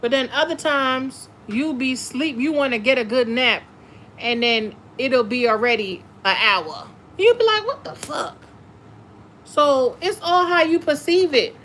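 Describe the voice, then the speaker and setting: A woman's voice: sits high, measured pace, slight background noise. Blunt, profane woman tarot reader. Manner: blunt, profane, animated, reads passages aloud. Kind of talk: casual spiritual chat and card reading.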